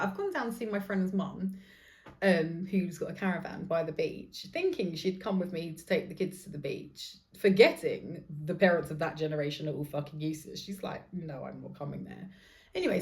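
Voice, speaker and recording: A woman in her thirties hosts a podcast, telling a story in a casual monologue with a voice on the low side. She's animated, quick to laugh, and swears freely.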